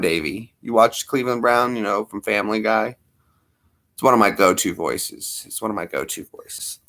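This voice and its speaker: Casting: male streamer, low voice, animated sing-song delivery, rambling. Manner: rambling, chatty, repeats himself. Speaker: live streamer. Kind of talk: casual live-stream chat.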